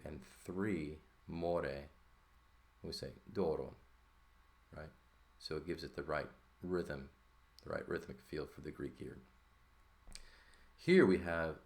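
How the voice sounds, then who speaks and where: Male teacher, extremely deep voice, patient explainer who checks in with the class. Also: steady tone, takes it slowly. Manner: explanatory, checks in with "right?" often. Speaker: Greek teacher. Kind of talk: explaining at a board.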